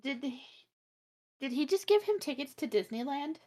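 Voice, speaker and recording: A woman listening in and asking quiet, amused questions. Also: high voice, expressive, normal speed. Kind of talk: casual chat.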